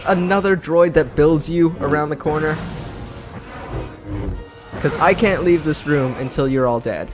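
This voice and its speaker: A man's voice: a little high, measured pace, pauses often. Man from Britain, game commentary host, sarcastic and chatty, game music under him. brief. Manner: chatty, sarcastic, reacting to play. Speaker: let's play host. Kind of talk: gameplay commentary.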